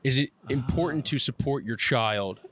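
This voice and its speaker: A man's voice: medium pitch, normal speed, fairly bright tone, a little hiss or hum. A man with an ordinary mid-range voice co-hosts a podcast, asking guests question after question. He teases them in casual chat. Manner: teasing, asks many questions. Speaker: podcast co-host, interviewer. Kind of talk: casual interview.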